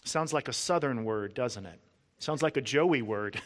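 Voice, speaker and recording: A man preaching a sermon, earnest and emphatic, stressing lists word by word and dropping low and soft at key points. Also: expressive, takes it slowly, pauses often.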